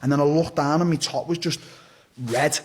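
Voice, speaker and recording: A young man with a fairly high voice speaks at normal speed in a steady tone as a guest on a podcast. Telling a casual story, he rambles bluntly, swears freely and often restarts his sentences.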